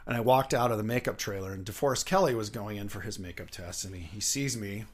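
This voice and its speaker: Lively middle-aged man telling stories. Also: on the low side. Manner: lively, rambling, quick to laugh. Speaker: interview guest. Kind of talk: casual anecdotal storytelling.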